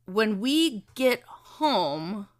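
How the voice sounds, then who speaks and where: A woman in her thirties telling a family story in casual chat, animated and swearing freely as she acts out quotes. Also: medium pitch, drawn-out words.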